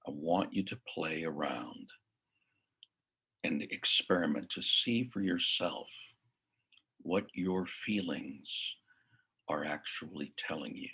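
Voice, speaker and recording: Gravelly very deep-voiced man coaching. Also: slow pace, pauses often, bright, forceful tone. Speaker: mindfulness coach. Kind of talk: casual spoken lesson.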